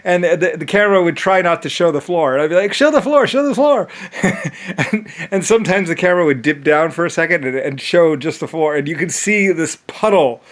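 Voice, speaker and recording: Man, rambling casual storytelling, profane, meandering, fairly high voice, frequent laughs. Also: fairly quick, a bit bright. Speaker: channel host.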